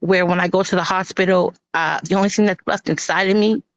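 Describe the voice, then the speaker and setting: A woman telling her own hard story on a live stream, halting with many pauses and restarts and acting out what others said. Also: lowish voice, fairly even intonation, dry recording. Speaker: guest sharing her personal story. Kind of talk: emotional personal testimony on a live stream. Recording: dull lo-fi stream audio.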